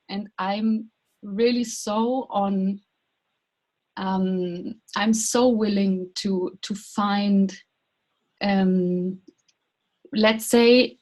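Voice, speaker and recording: A woman's voice: medium pitch, mellow, poor audio. A woman introducing herself on a video call, searching for words and repeating herself. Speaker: course participant.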